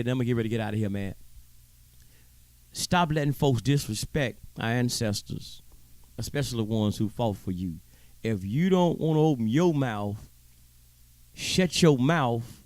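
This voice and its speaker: A man's voice: mid-range voice, a little mellow, no echo. A man hosting his own show, delivering a heated, profane commentary monologue with preachy emphasis and stammering repeats. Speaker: show host.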